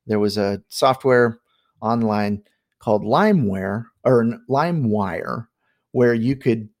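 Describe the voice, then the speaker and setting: A middle-aged man casually telling a spooky family story on a podcast, animated and full of fillers. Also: medium pitch, slow pace. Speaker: guest storyteller.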